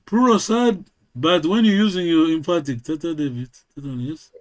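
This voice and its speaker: A man's voice: a little high, sing-song, moderate pace. A man who speaks natively, teaching a language lesson. He is patient and repeats words many times.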